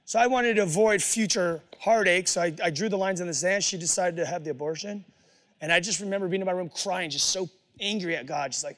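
A man's voice: sits high, fairly quick, a bit bright, in a large hall. A man telling his personal testimony to an audience in a casual, slangy storytelling way. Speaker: speaker giving a personal testimony.

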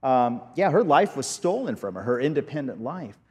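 A man preaching a sermon as pastor, earnest and halting, often restarting his sentences. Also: mid-range voice, big pitch swings, slightly rough, big-room sound.

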